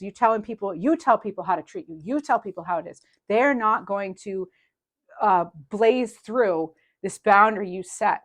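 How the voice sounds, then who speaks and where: A woman giving a casual tarot reading to her viewers, rambling and animated, with many fillers and restarts and light laughs. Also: medium pitch. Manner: laughs lightly while talking. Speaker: tarot reader.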